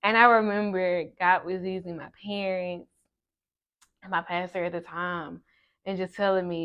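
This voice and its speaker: A young woman telling a personal story, swinging between loud exclamations and soft asides. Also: fairly low pitch, steady tone, moderate pace, smooth, lo-fi sound. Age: young adult. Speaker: vlogger. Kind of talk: storytime vlog.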